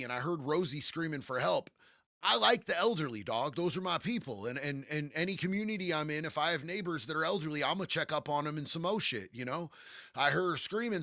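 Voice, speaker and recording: Brash male guest with a bright, tense voice and a dry close sound, profane and streetwise, always tossing in "bro". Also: a little high, creaky, no room sound. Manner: profane, streetwise, peppers talk with "bro" and "dog". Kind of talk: casual storytelling.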